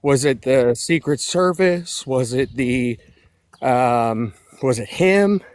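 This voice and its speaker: A man's voice: medium pitch, expressive, slow. A man co-hosting a casual political chat, out of breath while walking outside by a road, joking and sarcastic. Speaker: co-host.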